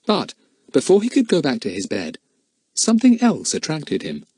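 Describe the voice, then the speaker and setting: Male audiobook narrator, lively, husky voice, dry close sound. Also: fairly high pitch, moderate pace, no room sound. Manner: expressive, animated reading. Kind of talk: storybook narration.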